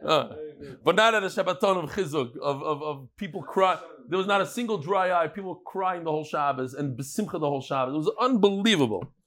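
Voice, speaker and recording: A man teaching a daily Talmud class, lively and joking, telling stories and mixing Hebrew and Yiddish terms into English. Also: a little high, a little fast, few pauses.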